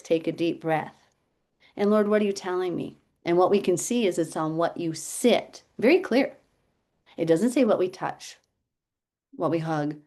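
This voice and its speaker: A middle-aged woman leading a casual Bible teaching chat, telling stories in an animated, chatty way. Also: mid-range voice. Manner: chatty, animated storytelling, laughs often.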